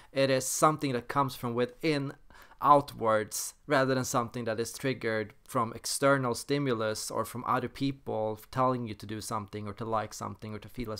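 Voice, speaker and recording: Smooth-voiced man explaining theory. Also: mid-range voice, fairly bright tone. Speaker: personality theory channel host. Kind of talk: explanatory monologue.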